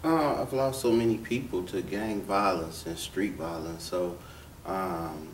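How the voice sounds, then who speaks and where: A man's voice: sits low, unhurried. A man answering interview questions in an earnest, reflective way. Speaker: interviewee, former gang leader. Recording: echoey room, distant mic, faint noise.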